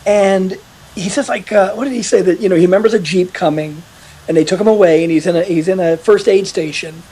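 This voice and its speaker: A man telling a veteran's story in a casual podcast conversation, animated and quick to quote others. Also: high voice, husky. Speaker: author interviewed about his article.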